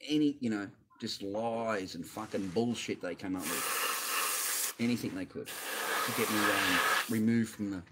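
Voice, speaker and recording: A man's voice: fairly low pitch, a little hiss or hum. A man hosting his own channel, ranting on a livestream in an angry, profane, rambling way. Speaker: channel host. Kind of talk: livestream rant.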